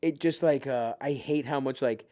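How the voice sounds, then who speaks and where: A man talking casually as a podcast guest, excitable and profane, full of fillers and quick restarts. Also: medium pitch.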